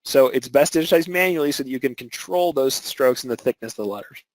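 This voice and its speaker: A man with a mid-range voice talks fast while teaching an embroidery webinar, walking through technique step by step with filler words and restarts. The embroidery instructor's audio is dry and low in quality.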